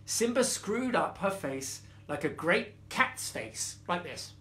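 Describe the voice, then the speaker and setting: A man reading a bedtime story aloud in an expressive, playful way. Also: sits high, takes it slowly, hardly any pauses.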